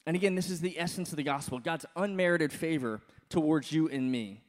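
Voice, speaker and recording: Pastor, male, 30s, chatty animated sermon, slightly high voice, long church reverb. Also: a little fast. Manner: conversational, animated preaching with frequent fillers and restarts.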